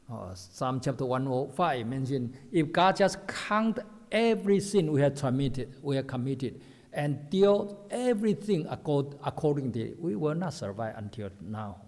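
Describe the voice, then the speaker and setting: A man's voice: mid-range voice, a little mellow. Preacher guy, lots of uh's, asks questions then answers them, big echoey hall. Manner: halting, many fillers, repeats points, rhetorical questions. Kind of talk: sermon. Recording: echoey hall with long reverb.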